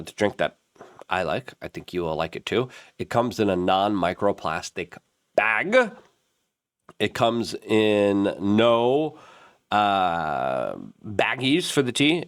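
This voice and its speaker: A man hosting a commentary show, reading an ad in a rambling, animated way with many fillers. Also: fairly low pitch, no room sound, studio quality. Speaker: host. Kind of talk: casual commentary and ad read.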